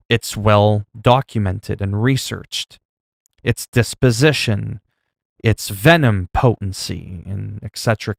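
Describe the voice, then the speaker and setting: A man talking to his viewers at a home streaming desk, rambling from topic to topic with plenty of ums and little self-digs. His voice sits on the low side, and the sound is dry and close with almost no room echo. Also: creaky. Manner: rambling, chatty, self-mocking, many fillers. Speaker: livestreamer. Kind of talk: casual livestream chat.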